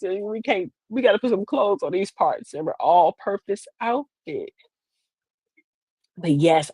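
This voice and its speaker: A woman's voice: lowish voice, darkish tone, breathy edge, no room sound. A woman, hosting a streamed show in a sassy, rambling comedic monologue. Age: 50s. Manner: chatty, sassy, rambling with repeated phrases.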